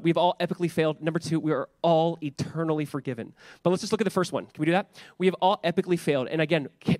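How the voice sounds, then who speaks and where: This church sermon comes from a pastor in his thirties whose voice is on the high side. He talks in a relaxed, conversational manner, repeating words and leaning on "like" a lot, in a dry, studio-quality recording.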